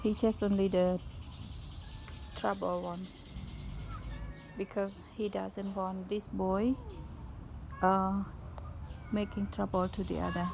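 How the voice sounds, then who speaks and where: Feeding strays at a pagoda, the woman talks slowly with long pauses, vocal fry and little pitch movement, her medium-pitched voice a little mellow. She chats vlog-style in simple non-native English and coos coaxing baby talk at the animals. The low-quality recording picks up outdoor background noise.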